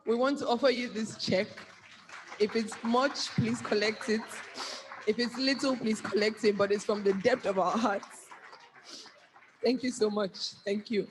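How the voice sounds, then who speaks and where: A man in his twenties giving a halting, choked-up tribute to his father. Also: very high-pitched, husky. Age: 20s. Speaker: child giving a speech. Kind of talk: emotional tribute speech.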